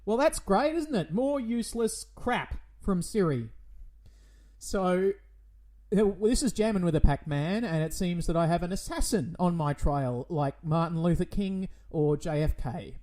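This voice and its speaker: A man with a notably high voice hosts a comedy radio show. He rants and frets in a theatrical, indignant manner, swinging between panic and exasperation. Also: animated, normal speed, mellow. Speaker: radio host.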